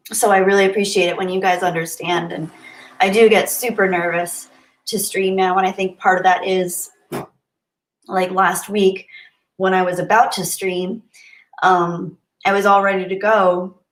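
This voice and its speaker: Her voice sits low and stays level, unhurried and full of pauses, with a roomy acoustic. On her live stream, the young woman reads viewers' comments out loud and thanks them, sounding grateful and warm, now and then moved to soft emotion.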